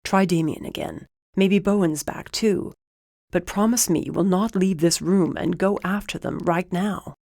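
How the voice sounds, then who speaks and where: A protective young man with a steady, firm voice, pitched a little low, as a woman narrator puts him on. He speaks urgently but keeps it level and reasoned, a calm anchor in an audiobook scene. The sound is dry and close. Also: unhurried, creaky, no room sound. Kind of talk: audiobook character voice.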